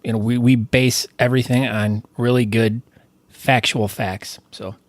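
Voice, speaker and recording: Deadpan man hosting a podcast. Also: mid-range voice, measured pace, no echo. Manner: deadpan joking. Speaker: podcast host. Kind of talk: casual chat.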